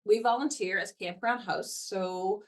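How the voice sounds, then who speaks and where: A woman's voice: mid-range voice, unhurried, far from the mic. A woman representing a parks foundation as an interview guest, talking eagerly and at length with frequent fillers. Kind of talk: enthusiastic podcast conversation.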